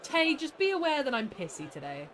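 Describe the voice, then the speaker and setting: A high, lively woman's voice, streaming a game and grumbling her way through it. She sounds exasperated but keeps breaking into laughter, and there is a faint hum of background noise behind her. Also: a faint crowd. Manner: grumpy, exasperated, quick to laugh. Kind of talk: live game stream chat.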